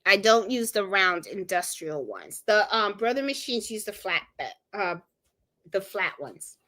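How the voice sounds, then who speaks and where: Bright-voiced chatty craft-stream hostess. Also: female voice, medium pitch, big pitch swings, unhurried. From Puerto Rico. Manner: chatty, talks straight to viewers with many fillers. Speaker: sewing and embroidery livestream host. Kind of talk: casual live-stream chat.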